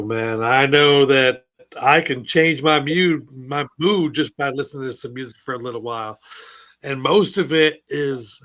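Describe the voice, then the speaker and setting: Bright-voiced blunt radio co-host man. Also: medium pitch. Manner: blunt, swearing, laughing asides. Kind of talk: casual radio talk.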